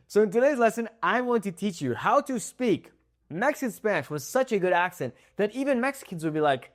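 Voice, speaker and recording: A young man from the United States teaching a Spanish language lesson to camera from his home in Mexico. He sounds upbeat and slows down carefully whenever he models a word. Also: sits high, very animated.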